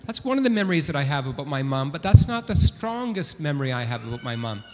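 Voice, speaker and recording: A man giving a children's message in church, telling gentle stories and asking the children questions. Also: a little high, sing-song, fast talker. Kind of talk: children's sermon storytelling. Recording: long hall reverb.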